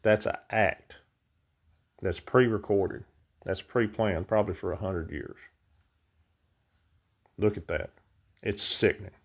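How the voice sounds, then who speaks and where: Guy ranting at the camera, lowish voice, worked up, talks right to his viewers. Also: slow pace, vocal fry, long pauses. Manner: heated, ranting, speaks directly to viewers. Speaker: vlogger. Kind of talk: impassioned monologue to camera.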